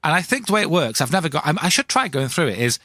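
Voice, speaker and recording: A self-mocking man rants through a comic podcast monologue on a close mic. His pitch swings all over the place, the sound is dry and intimate, and the delivery stays wry throughout. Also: very fast, dry recording. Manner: ranting, self-mocking, lively. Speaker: podcast host. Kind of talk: comedic monologue.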